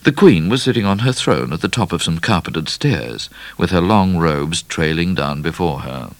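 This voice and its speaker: A man reading a children's storybook aloud in an expressive, measured way. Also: sits low, no echo. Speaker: narrator.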